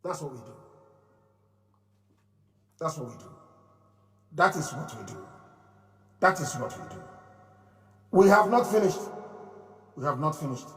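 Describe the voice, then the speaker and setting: A man giving an impassioned live speech, repeating phrases in a preaching cadence and moving from loud declarations to low murmurs. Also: reverberant, big-room sound, far from the mic. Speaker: movement leader giving a live broadcast.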